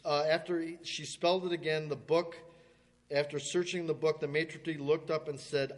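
A man preaching, telling a story in a folksy way, stammering now and then and clearing his throat as he acts out the people in it. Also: a little high, fairly even intonation, normal speed. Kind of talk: sermon illustration storytelling. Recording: long hall reverb.

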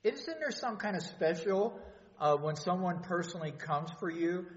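Earnest preacher guy, kinda high voice, muffled lo-fi sound in a big echoey church. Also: animated. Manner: earnest, halting with restarts and fillers. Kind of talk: sermon. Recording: echoey hall, dull lo-fi sound.

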